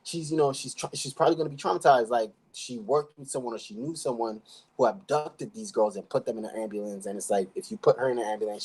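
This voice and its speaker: A podcast co-host with a fairly low, breathy voice casually recaps a TV episode, rambling through the plot and acting out the characters' lines. The audio quality is poor.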